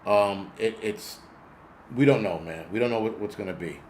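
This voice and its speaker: A man's voice: fairly low pitch, normal speed, darkish tone, a little hiss or hum. A man in his forties hosting a casual livestream, ranting in a rambling, profane way and talking back to his chat. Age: 40s. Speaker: host.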